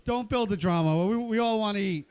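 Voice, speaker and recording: A man whose voice sits high speaks a little fast, sounding somewhat mellow and clean. As the host of a live cooking competition in an indoor event kitchen, he chats through play-by-play, counts down, jokes with chefs and crowd, and gets the audience cheering.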